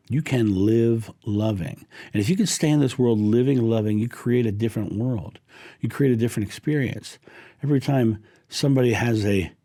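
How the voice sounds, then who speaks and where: A middle-aged man giving a slow, heartfelt spiritual talk, lingering gently on his words. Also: mid-range voice. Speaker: spiritual teacher.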